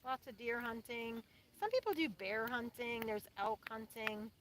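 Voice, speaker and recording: A woman's voice: on the high side, unhurried, background noise. A woman chatting playfully on a live stream outdoors by a lake, beside her husband. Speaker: co-host, host's wife. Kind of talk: casual live-stream chat.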